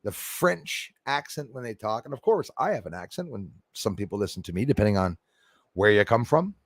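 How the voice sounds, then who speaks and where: A man's voice: lowish voice, animated, brisk, no echo, clean studio sound. A man chatting casually on his livestream, laughing often and reading out viewer names. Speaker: livestream host.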